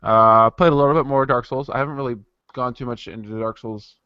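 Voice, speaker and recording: A man's voice: medium pitch, steady tone, brisk, clean tone, dry recording, lo-fi sound. A man co-hosting a podcast in casual chat. He rambles and restarts his sentences often. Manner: rambling, full of fillers and restarts. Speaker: podcast co-host.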